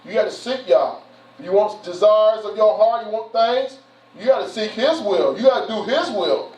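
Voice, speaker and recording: In a church hall, a high-pitched man with a darkish tone speaks at normal speed as a church elder. His address is informal and folksy, full of repetition and frequent "you know" and "man." The sound is roomy, distant, and dull.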